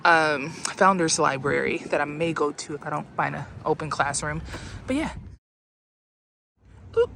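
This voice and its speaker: Her voice sits low but has a fairly bright tone, with a bit of hiss or hum on the recording. She's a twenty-something doctoral student on a campus walk, vlogging to her phone in an upbeat, chatty way while short of breath.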